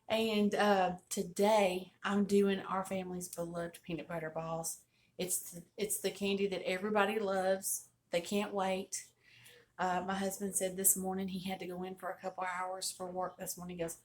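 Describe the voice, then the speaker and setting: A woman's voice: medium pitch, slight background noise. An older woman hosting a home cooking video, chatting in a folksy way from her table at home. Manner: folksy and chatty, churchy greetings. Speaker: host of a home cooking channel. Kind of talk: casual chat while cooking.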